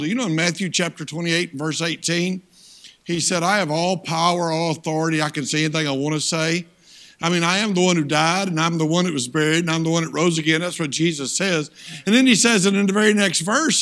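High-voiced older preacher. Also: male voice. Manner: animated, folksy storytelling with audience call-outs. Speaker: guest preacher. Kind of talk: sermon.

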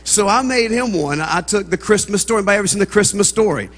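Folksy Southern preacher, big hall echo. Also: male voice, sits high, expressive, fast talker, a bit bright. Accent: Southern American. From American South. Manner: folksy, joking, rising to fervent preaching. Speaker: guest preacher. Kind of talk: humorous sermon opening. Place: church sanctuary. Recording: long church reverb.

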